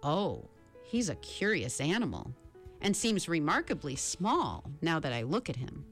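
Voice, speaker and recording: A huge but cowardly lion speaks plaintively of his fears, as a woman reading a storybook puts him on. His voice sits low yet moves a lot, full of rises and falls. Faint music plays softly behind him. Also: sing-song, unhurried, heavily acted. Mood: sorrowful. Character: timid male lion, big, cowardly, sorrowful.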